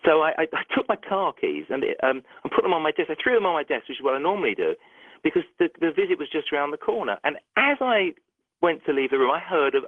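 A middle-aged man, a doctor, telling a story in a phone interview, animated and restarting sentences often. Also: on the high side, no echo. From United Kingdom. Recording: tinny dry phone line.

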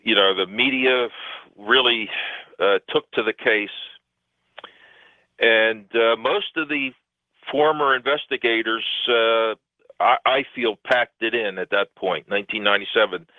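A man's voice: lowish voice, measured pace, no room sound. A man, a guest researcher, talks at length in a radio interview, rambling and emphatic with many fillers. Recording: tinny phone line, dry.

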